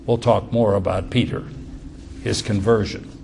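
A man's voice: on the low side, steady tone, normal speed, vocal fry, a little mellow, a little hiss or hum. A man preaching a verse-by-verse sermon in a conversational way, often repeating words as he explains.

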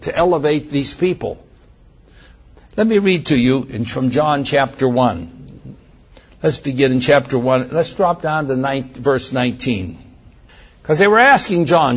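A man with a slightly raised, husky voice gives a Bible teaching. He reads scripture slowly and leans hard on key words, then explains in a plain speaking tone. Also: fairly high pitch.

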